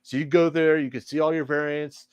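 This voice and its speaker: A man's voice: fairly high pitch, little pitch movement, a little fast, smooth, dry recording, dull audio. A laid-back man co-hosting a casual chat, unboxing and showing items while playing along with jokes. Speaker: co-host.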